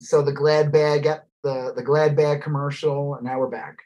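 A man's voice: a little high, normal speed, highs cut off. Rambling, swearing male podcast co-host. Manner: rambling, animated, swears freely and mimics posh voices. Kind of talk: casual chat.

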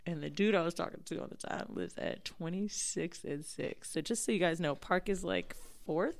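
A woman's voice: lowish voice, normal speed, gravelly, hardly any pauses. A young woman co-hosting a casual chat, telling explicit stories with lots of swearing and acted-out quotes. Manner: profane, animated storyteller acting out quotes. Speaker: podcast co-host.

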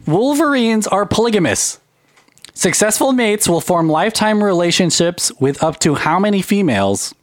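Lively, teasing male podcast host. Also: high voice, moderate pace. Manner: teasing, swears and laughs often. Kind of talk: casual quiz chat.

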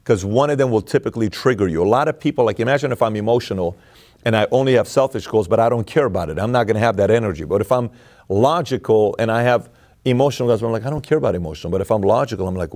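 A man being interviewed as a guest, telling stories in an animated way and often restarting and repeating his words. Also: lowish voice, very fast. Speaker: podcast guest. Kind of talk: interview conversation.

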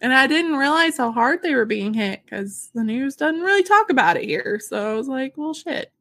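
A woman's voice: high-pitched, animated, normal speed, no room sound. A woman co-hosting a podcast in casual chat, reading out a news story and getting emotional and giggly about it. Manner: warm, emotional and giggly, tears up easily. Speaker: podcast co-host.

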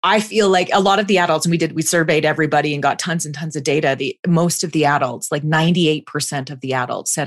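Low-voiced woman telling stories. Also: fast talker, hardly any pauses. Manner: animated, acts out quotes. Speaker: guest, speaker. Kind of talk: conversational interview storytelling.

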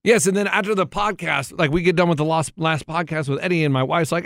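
A man's voice: fairly high pitch, fast talker, fairly bright tone, dry recording, clean studio sound. A man co-hosting a talk podcast, telling a long rambling story in casual chat and acting out other people's lines. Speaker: radio show co-host.

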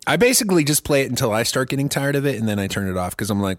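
A man's voice: mid-range voice, big pitch swings, racing, no room sound, clean studio sound. Loose-talking man chatting on a podcast. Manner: rambling, laughing, swears a lot. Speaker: podcast co-host. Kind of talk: casual comedic chat.

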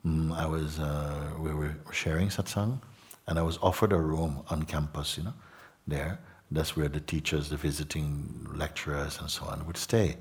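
Deep husky-voiced spiritual teacher. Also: male voice, fairly even intonation. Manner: slow, reflective, tag questions like "no?" and "hmm?". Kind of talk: satsang talk.

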